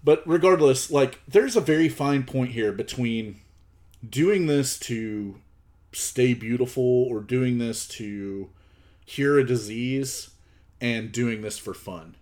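A man hosting a podcast, telling a story in relaxed, wry casual chat. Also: mid-range voice, takes it slowly. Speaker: podcast host.

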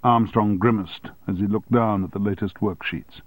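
A man narrating an audiobook in a steady, low-key manner. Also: normal speed, hardly any pauses, dry recording, poor audio.

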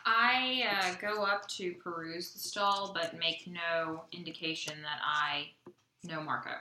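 A woman's voice: on the low side, fairly even intonation, slow pace. A woman playing her character in a tabletop game, polite and a little guarded. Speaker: player. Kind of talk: in-character role-play. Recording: echoey room with loud hiss.

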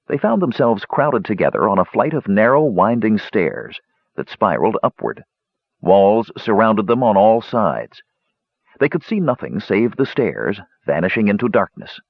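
Husky low-voiced male audiobook narrator. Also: moderate pace, no room sound. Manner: expressive storytelling. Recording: dull lo-fi recording.

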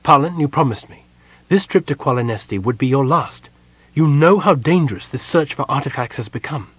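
A man voicing a tired, sharp-tongued middle-aged woman who speaks curtly in an audiobook. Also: mid-range voice, big pitch swings, moderate pace, breathy edge, no echo, pitched above the performer's own voice. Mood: demanding. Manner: curt, demanding.

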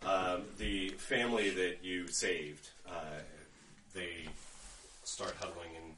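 A man running a tabletop game as game master, narrating in a relaxed way with many fillers. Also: low voice, slow pace, roomy sound, far from the mic, slight background noise, poor audio.

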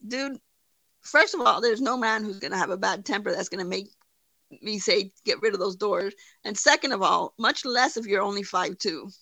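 A woman's voice: mid-range voice, normal speed, creaky, pushed and bright, no echo. A woman hosting a livestream, giving blunt, profane, mocking commentary. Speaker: livestream host. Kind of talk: casual commentary.

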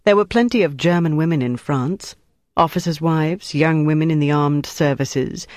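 An audiobook narrator reads a novel in steady, measured scripted narration. The medium-pitched voice is recorded with clean studio sound and no echo.

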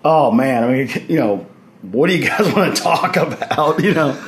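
A man telling anecdotes as a podcast guest in a lively way, acting out what others said and laughing along. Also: a little high, moderate pace. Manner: animated anecdotes, acts out others' lines, laughs while telling. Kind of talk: storytelling in casual conversation. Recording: roomy echo.

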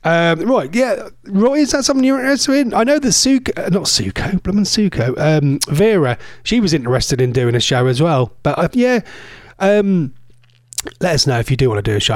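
A man's voice: a little high, expressive, fairly quick, no echo, clean studio sound. Chatty man hosting radio. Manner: rambling, chatty, self-correcting. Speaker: internet radio host. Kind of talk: casual radio chat. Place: cold home conservatory.

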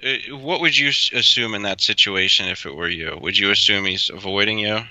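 A man co-hosting a podcast in casual chat, hesitant and musing as he thinks out loud. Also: fairly low pitch, brisk, dry recording, rough recording. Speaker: podcast co-host.

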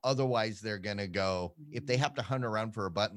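Deep-voiced man, rambling casual host. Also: fairly bright tone, no echo, studio quality. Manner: rambling, self-deprecating, quick pitch jumps. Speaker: podcast co-host. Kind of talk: casual chat.

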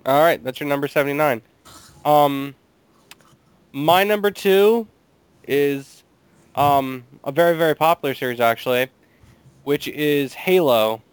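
A man's voice: fairly high pitch, unhurried, long pauses, clear, resonant tone, no room sound. A young man co-hosting a casual gaming podcast, talking in a dry, hesitant way with many ums. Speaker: podcast co-host. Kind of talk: casual chat.

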